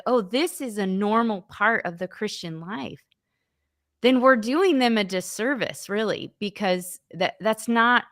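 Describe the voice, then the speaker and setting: A woman's voice: mid-range voice, a bit bright. A woman youth ministry leader answering interview questions, earnest and often restarting her sentences.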